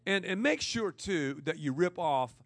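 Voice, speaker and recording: A man with a high voice gives a lively, comic conference talk about preaching. He laughs between phrases, stacks up repeated words, and keeps an easy, animated rhythm. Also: a little slow, no echo. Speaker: guest preacher.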